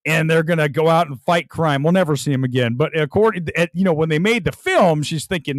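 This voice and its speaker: Guy hosting a live stream, high voice, roasting a movie and cracking up, dry close sound. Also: brisk, few pauses, no echo. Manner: animated, mocking, laughs a lot while ranting. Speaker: host.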